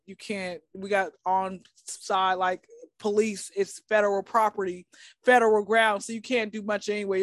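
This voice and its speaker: Woman guest, blunt digressive comic storyteller, dry close sound, mid pitch. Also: no echo. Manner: rambling, digressive, keeps saying back to the story; blunt, teasing. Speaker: podcast guest. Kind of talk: casual comedic storytelling.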